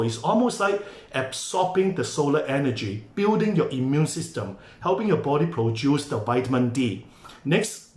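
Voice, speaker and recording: A man's voice: mid-range voice, a little mellow. A man giving an enthusiastic motivational talk, coaxing listeners to join in. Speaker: motivational speaker. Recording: echoey room.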